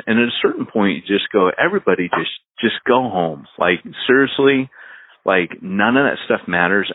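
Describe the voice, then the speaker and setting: Deep-voiced man, husky, lively podcast storyteller, tinny phone-like sound. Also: no echo. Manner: animated storyteller, laughs at his own anecdotes. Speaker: podcast co-host, church planter. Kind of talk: casual podcast chat.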